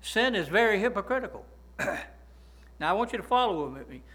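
Male pastor, high and ringing voice, preaches and keeps checking in with the pews. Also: sing-song, a little fast, pushed and bright, slightly rough, rough recording. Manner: preaching with frequent "right?" and "amen?" prompts to the congregation. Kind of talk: sermon.

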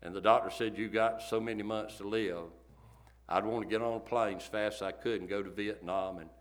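A man's voice: fairly low pitch, steady tone, brisk. A man preaching a sermon, telling a story in a folksy, emphatic way and repeating himself. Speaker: pastor.

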